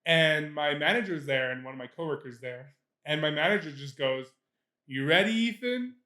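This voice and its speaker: A young man with a slightly higher voice chats loosely on a podcast and laughs as he tells his stories. He swears freely and speeds up when a bit gets going. The sound is roomy and echoey. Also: fairly quick, bright, forceful tone. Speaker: podcast co-host. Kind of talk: casual chat. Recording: echoey room.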